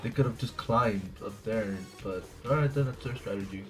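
A man giving casual, profane video game commentary, jumpy and quick to laugh at himself. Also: fairly low pitch, soft background music. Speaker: gameplay commentator.

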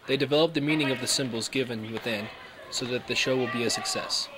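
A man's voice: medium pitch, fast, a crowd in the background, noisy background. A man giving earnest scripted narration for a school documentary.

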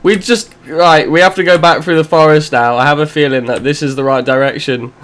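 High bright-voiced young man gaming. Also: fairly even intonation, a little fast. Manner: chatty, swears often, talks to himself and his teammate. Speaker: gaming channel host. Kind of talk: let's play gaming commentary.

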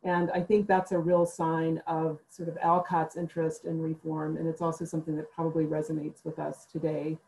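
A woman giving measured, reflective remarks as a panelist at a book club event, with frequent pauses filled by "uh" and "um", over a video call. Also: sits low, completely flat delivery, creaky, a little mellow, rough recording. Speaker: literature panelist.

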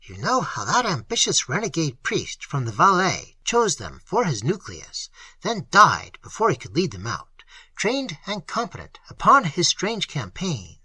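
A reader voicing a fervent, hoarse old pastor. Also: mid-range voice, huge pitch swings, unhurried, pushed and bright, no echo, voice pushed up, full character voice. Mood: grave. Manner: fervent, emphatic.

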